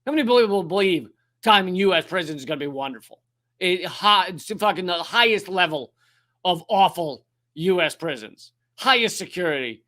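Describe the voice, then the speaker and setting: A man's voice: a little high, pushed and bright. A man hosting a comedic news commentary show, ranting sarcastically and swearing often. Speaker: host.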